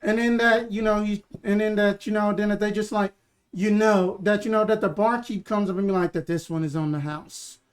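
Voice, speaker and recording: A game master narrates the scene in a loose, rambling stream, full of fillers and restarts. The voice sits at a middling pitch. The delivery stays easygoing and jokey with the players at the table. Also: little pitch movement, a little fast, smooth.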